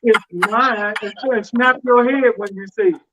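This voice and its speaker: A man's voice: very high-pitched, steady tone, a little fast, background noise. A man in his fifties, a show guest, ribbing a friend in rambling, mock-preaching banter and laughing as he goes. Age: 50s. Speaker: celebrity guest. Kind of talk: joking, roasting banter. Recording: dull lo-fi sound.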